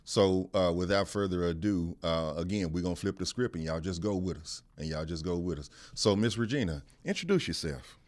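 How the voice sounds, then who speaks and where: A man from Texas with a Texan accent hosting a podcast, emphatic, repeating his phrases and laughing loudly. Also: sits low, a little fast, few pauses. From Texas, USA. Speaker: podcast host. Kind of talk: casual podcast chat. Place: podcast studio.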